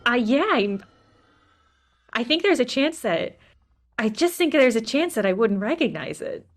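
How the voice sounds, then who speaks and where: A woman's voice: a little high, sing-song, measured pace. A woman hosting a casual conversation, laughing easily and reacting with enthusiasm. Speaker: host. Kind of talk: casual chat.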